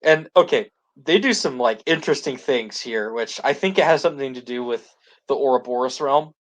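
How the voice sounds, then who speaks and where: Co-hosting a podcast, a man goes over a series in rambling, casual conversation riddled with "like" and restarts. His voice sits mid-range and moves a little fast.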